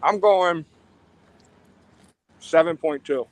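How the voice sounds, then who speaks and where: A man's voice: a little high, slow pace, no room sound. A laid-back man chatting casually on a live show from a pizza shop, rambling and chuckling as he talks. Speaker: show regular joining from a pizza place.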